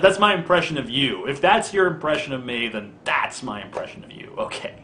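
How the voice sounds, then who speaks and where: A man's voice: on the high side, sing-song, a little fast, few pauses, a bit bright, reverberant. A man ranting in a video commentary, sarcastic, profane and mocking. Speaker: vlogger.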